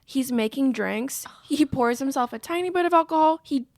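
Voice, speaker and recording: Chatty young woman, high voice. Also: normal speed, no room sound, clean studio sound. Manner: animated, swears, recaps scenes. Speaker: podcast co-host. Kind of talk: casual chat.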